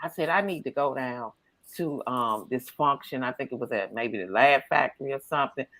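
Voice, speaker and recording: A woman's voice: a bass voice, moderate pace. A woman hosting a comedy podcast, chatting casually and acting out the people in her stories. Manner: animated storyteller acting out quotes. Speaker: podcast host.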